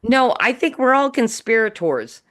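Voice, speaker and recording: A woman's voice: a little high, big pitch swings, normal speed, a bit bright. A woman hosting a talk show over a video call, playful and teasing, laughing often. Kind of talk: casual video call chat.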